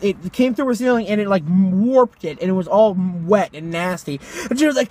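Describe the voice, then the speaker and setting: A teenage man co-hosting a podcast, telling a story casually, swearing a lot and shouting out the lines he quotes. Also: high-pitched, fairly quick, hardly any pauses, slight background noise. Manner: animated, profane, acts out quotes in shouts. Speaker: podcast co-host.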